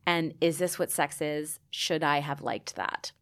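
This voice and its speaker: A woman's voice: low voice, unhurried, creaky. A woman in her early forties co-hosting a podcast, talking candidly and telling stories with quoted lines. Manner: animated storyteller, quotes people, laughs often. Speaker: podcast co-host. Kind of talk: candid casual chat.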